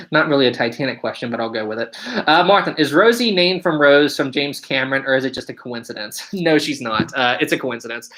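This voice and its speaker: A man's voice: medium pitch, brisk, sharp tone, poor audio. A man in his twenties hosting a casual livestream, upbeat and chatty, answering viewer questions and thanking his audience. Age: 20s. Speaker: livestream host.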